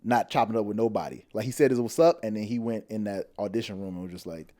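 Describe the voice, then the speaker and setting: A man's voice: fairly low pitch, fast, mellow. A man hosting a podcast, chatting casually and encouragingly, acting out quotes with bursts of energy, in a hotel room. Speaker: podcast host. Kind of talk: casual chat.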